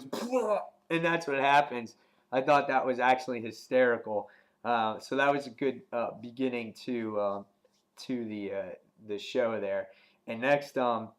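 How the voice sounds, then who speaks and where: A man giving a casual spoken review of a TV episode, rambling with many ums and restarts, and getting animated when he retells scenes. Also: mid-range voice. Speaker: TV show reviewer.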